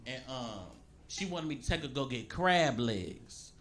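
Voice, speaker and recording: A stand-up comedian talking in a laid-back, giggly way that turns loud at the punchlines. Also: male voice, mid-range voice, animated, unhurried. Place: comedy club stage with audience. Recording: live club recording with crowd noise. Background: audience laughter.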